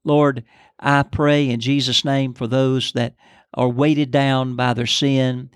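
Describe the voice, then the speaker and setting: A man's voice: mid-range voice, flat delivery, slow pace, clear, resonant tone, no room sound. An older man co-hosting a podcast, telling a story and then praying in an earnest, preacherly way. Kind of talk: storytelling and prayer.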